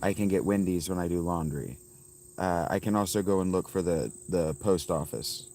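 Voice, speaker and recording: A man in his fifties rambles casually to his livestream viewers, reading out their names as he goes. His voice sits a little low, and he talks from a phone outdoors with crickets chirping behind him. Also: fairly quick, mellow, a little hiss or hum. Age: 50s. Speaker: livestream host. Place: outdoors by a fountain.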